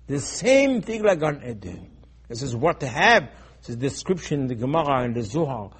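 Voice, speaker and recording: A man preaching a sermon, swinging between loud emphatic bursts and low, quiet asides. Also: very animated, normal speed, breathy edge.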